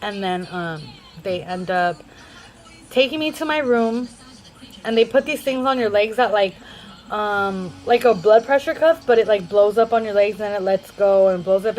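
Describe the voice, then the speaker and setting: A woman's voice: mid-range voice, moderate pace, darkish tone, low-quality recording. A young adult woman vlogger rambling through a casual storytime in a chatty way.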